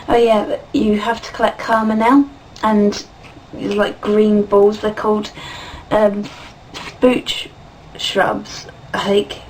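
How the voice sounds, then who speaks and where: A woman's voice: mid-range voice, flat delivery, slow pace, darkish tone. A woman chats her way through a game review, laughing easily and wandering through her thoughts with plenty of ums. She sits some distance from the microphone, and a light background hiss stays under her voice. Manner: chatty and giggly, many fillers and laughs. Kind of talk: casual spoken game review.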